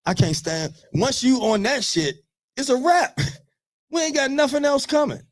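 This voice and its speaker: A man in his thirties on a radio talk show, telling profane, animated stories in casual chat. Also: very high-pitched, a little slow.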